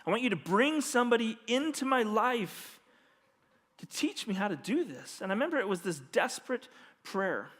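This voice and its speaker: A man preaching as a pastor, telling a personal story earnestly and dropping to a hushed voice when he quotes others. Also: sits high, sing-song, moderate pace. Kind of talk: storytelling sermon. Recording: long hall reverb.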